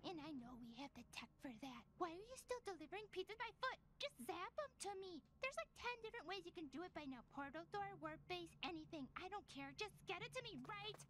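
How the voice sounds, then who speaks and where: Bossy pizza customer. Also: female voice, very high voice, big pitch swings, fast talker, few pauses, fairly bright tone, exaggerated voice. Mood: demanding. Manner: bossy, whiny, demanding. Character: impatient demanding pizza customer in a game ad.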